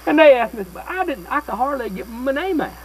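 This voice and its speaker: A folksy old-time circuit-riding preacher, played by a man, talking in a high voice. He stutters and trips over his words as he tells his story to a live church congregation, with a faint hiss of background noise. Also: sing-song, fairly quick, rough recording. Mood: homespun storytelling. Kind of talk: live first-person character sermon. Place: church service before a live audience.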